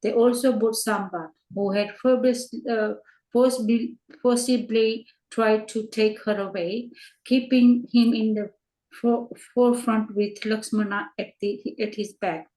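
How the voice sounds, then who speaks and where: A woman's voice: fairly high pitch, fairly even intonation, unhurried, warm tone. A woman reading scripture aloud for a class, carefully, sometimes stumbling and repeating words. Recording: echoey room.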